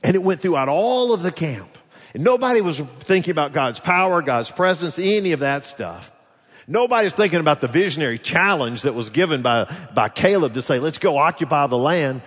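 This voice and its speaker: A man preaching a sermon as pastor, animated, swinging between loud rises and quiet drops as he voices the people's complaints. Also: on the high side, brisk, breathy edge. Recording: long hall reverb.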